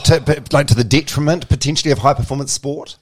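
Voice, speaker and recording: Fast-talking male host, casual interview, probing questions, mid-pitched voice. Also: fairly even intonation. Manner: brief backchannels, probing questions. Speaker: podcast host.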